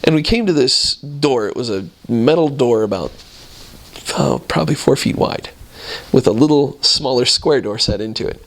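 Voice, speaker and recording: A man casually telling a story, animated and laughing often as he goes. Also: medium pitch, normal speed, low-quality recording.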